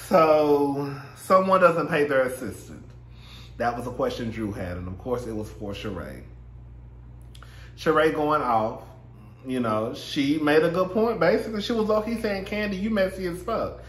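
A man's voice: fairly high pitch, sing-song, a little slow, long pauses, a bit bright, roomy sound. A man casually recapping a reality show, sassy and profane, laughing often and mimicking the cast. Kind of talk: casual chat.

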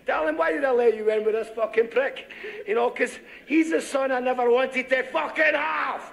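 Gravelly, mocking gangster, echoey room. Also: male voice, very high-pitched, moderate pace. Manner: mocking, taunting, laughing cruelly. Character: sadistic gloating British gangster, middle-aged man.

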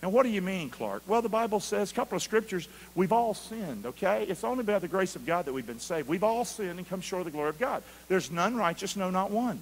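A man preaching a sermon as pastor, calling for answers from the congregation and swinging from quiet asides to loud shouts. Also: high-pitched, animated, brisk, few pauses, slight background noise. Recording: long hall reverb.

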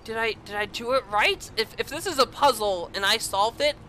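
Excitable, profane woman gaming. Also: fairly high pitch, brisk, a little hiss or hum. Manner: excitable, profane, swings between groans and shrieks. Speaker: game streamer. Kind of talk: let's play commentary.

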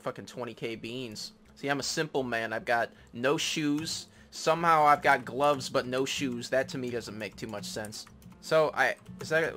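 A man's voice: mid-range voice, bright, forceful tone. A young man casually commentating a game he is playing, joking, trash-talking and swearing a lot. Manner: crude, joking trash talk with lots of swearing. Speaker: gaming YouTuber. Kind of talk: casual let's play commentary.

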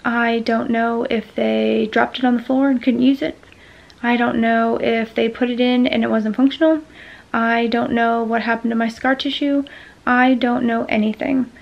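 A woman's voice: fairly high pitch, flat delivery, normal speed, vocal fry, highs cut off. A woman venting frustration in a casual talking-to-camera vlog, with lots of ums. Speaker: vlogger sharing a medical experience.

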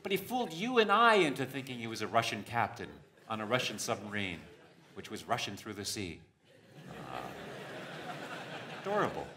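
A man performing stand-up comedy on stage, with a deadpan, punning delivery. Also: fairly low pitch, moderate pace, long pauses. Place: stage before a live audience.

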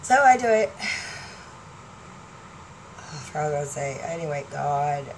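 With a low, animated voice at normal speed, a woman in her 40s rambles to her fans, laughing plenty and jumping around between topics in a chatty, scattered way. Audio quality is poor, and faint noise sits in the background.

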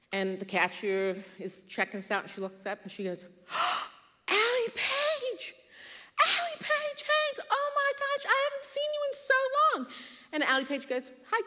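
Bright-voiced woman speaking in a church hall. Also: mid-range voice. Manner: earnest, storytelling, animated quoted voices. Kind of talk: devotional talk with personal story. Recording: church hall with long reverb.

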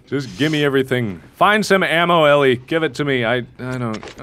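A young man commenting on a video game he is playing, given to loud, expressive outbursts and self-mocking rants. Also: mid-range voice, normal speed, hardly any pauses, slight background noise. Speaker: let's play host.

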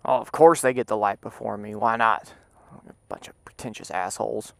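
A man riding a motorcycle and talking through a helmet mic, rambling and cursing, sometimes breaking into loud shouts. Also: lowish voice, steady tone, brisk, creaky, no room sound. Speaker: motorcycle vlogger. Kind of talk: casual ride commentary. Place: on a motorcycle outdoors. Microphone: helmet Bluetooth mic while riding.

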